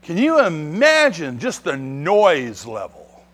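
Animated, bright-voiced male preacher. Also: on the high side, takes it slowly. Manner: animated preaching, rising to emphatic declarations. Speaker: pastor. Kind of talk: sermon.

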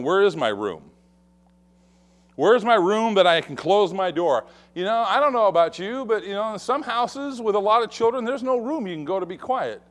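Male pastor mid-sermon, high-pitched and lively, acts out the quotes. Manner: expressive preaching, acts out quoted voices.

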